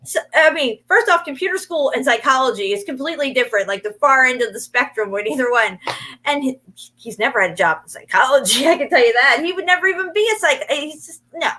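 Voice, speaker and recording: A woman co-hosting a casual talk show, telling animated stories with lots of swearing and laughter. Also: sits high, fast, low-quality recording. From Alabama. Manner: animated storyteller, swears freely, laughs often. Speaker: podcast co-host. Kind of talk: casual chat.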